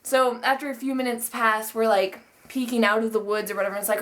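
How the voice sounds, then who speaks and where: A woman's voice: a little high, fairly even intonation, fairly quick, a bit bright. A young woman vlogger telling a personal story in a chatty, rambling way, full of fillers and frequent swearing. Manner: chatty, swears often, many likes and restarts. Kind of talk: casual storytime monologue.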